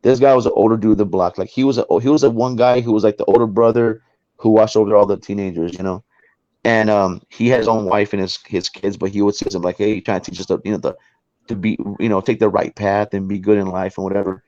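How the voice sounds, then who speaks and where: A man's voice: on the low side, quick pace, no room sound, muffled recording. A man guest on a talk show tells a personal story in a casual way, acting out the people in it. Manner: animated, acts out the people in his story.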